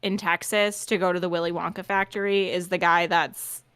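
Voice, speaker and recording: A woman's voice: on the low side, level tone, normal speed, fairly bright tone, smooth, dry recording, clean studio sound. Sarcastic woman podcast co-host. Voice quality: sarcastic, joking. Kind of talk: casual chat.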